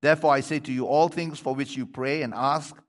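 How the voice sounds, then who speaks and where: A man's voice: medium pitch, fairly even intonation, fairly quick. A pastor preaching a sermon, reading scripture aloud and breaking off to comment to his congregation. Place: church sanctuary. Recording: long hall reverb.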